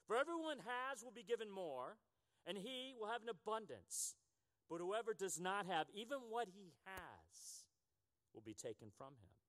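A man in his fifties reading the part of a stern master of servants, with dramatic swings in pitch. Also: a bit bright, long reverb tail, exaggerated voice.

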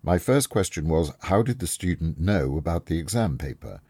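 A man reading a story aloud, voicing a calm, clever male detective who explains things step by step and is kindly but firm. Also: deep voice, moderate pace, slightly rough, no room sound. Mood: explaining. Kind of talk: audiobook reading.

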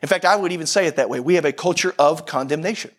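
A man's voice: a little high, very fast, fairly bright tone. A man preaching a sermon to a congregation in a conversational way, often repeating phrases for emphasis. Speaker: pastor.

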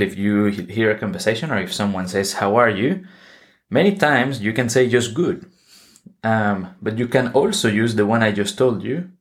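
A man with a somewhat low voice, speaking English as a second language. He hosts a podcast lesson and talks through vocabulary patiently, circling back and correcting himself as he goes. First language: not English. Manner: explains slowly and patiently, with frequent restarts and self-corrections. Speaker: English teacher and podcast host.

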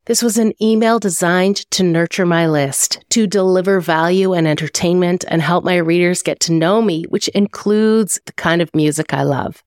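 Woman going through her own email copy, lowish voice, upbeat teacher vibe, dead dry sound. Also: moderate pace, hardly any pauses, darkish tone, no room sound. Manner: upbeat and instructive. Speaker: podcast host and email copywriter. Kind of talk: reading aloud and explaining an email.

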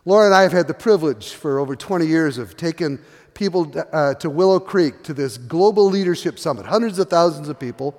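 A middle-aged male pastor preaching in a big church, his fairly high voice ringing out with a long reverb tail. He tells his story in a loose, conversational way, full of "uh"s and false starts. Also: animated, fairly quick, a little mellow. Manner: storytelling with many fillers and restarts. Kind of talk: sermon.

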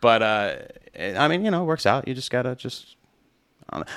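A man's voice: a little high, fast talker, fairly bright tone, no room sound, clean studio sound. A man hosting a podcast in casual, loose chat, swearing freely and filling with "like" and "you know.". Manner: loose and profane, lots of fillers. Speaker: podcast host.

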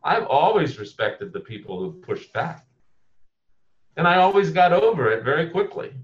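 A man with a slightly high voice and big pitch swings speaks at a moderate pace. He plays an emphatic, proudly abrasive tech visionary, defiant and quick to swear, in a comedy impression interview. The lo-fi recording sounds muffled.

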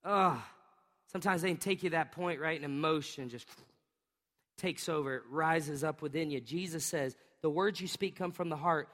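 A male pastor with a bright, high voice preaches to a congregation, mixing a lively family anecdote with scripture. He laughs often and acts out sounds as he tells the story. His voice rings out through the long reverb of a large hall. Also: moderate pace. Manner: animated storytelling with bursts of acted-out sounds; laughs often while telling stories. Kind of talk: sermon.

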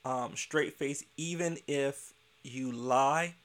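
A man who works as a childcare center director, telling a workplace story in a casual, blunt and animated way and acting out the dialogue. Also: mid-range voice, slow.

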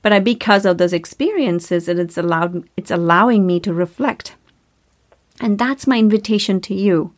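A woman's voice: mid-range voice, moderate pace. A woman hosting a spiritual self-help podcast, talking earnestly and repeating herself, full of rhetorical questions. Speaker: podcast host.

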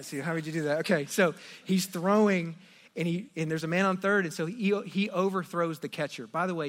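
A middle-aged man preaching a sermon, telling a family story with animated swings from hushed asides to loud exclamations. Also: a little high. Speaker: pastor.

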